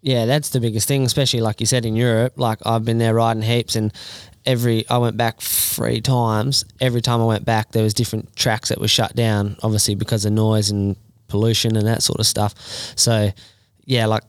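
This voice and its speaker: A man's voice: lowish voice, little pitch movement, brisk, no room sound, studio quality. A man in a laid-back podcast chat. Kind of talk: casual chat.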